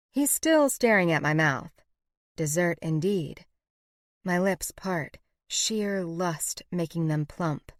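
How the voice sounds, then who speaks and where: A woman narrating a first-person romance audiobook in an intimate, even storytelling manner on a close mic. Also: on the low side, slow pace, no echo.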